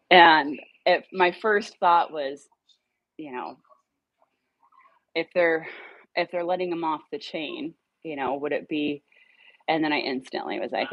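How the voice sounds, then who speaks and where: A woman casually telling a dog rescue story, animated, swearing now and then and acting out her own lines. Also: normal speed, pauses often, no room sound, muffled recording. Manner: animated, acts out her own dialogue in a higher voice; swears casually when irritated.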